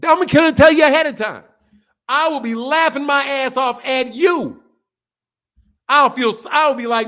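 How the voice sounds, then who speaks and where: A high-pitched man hosting a boxing talk show, ranting in a loose, heated way. He repeats himself, swears freely and jabs at his viewers with blunt scorn. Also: a little slow, long pauses, bright, forceful tone. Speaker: boxing channel host. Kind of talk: heated casual boxing commentary.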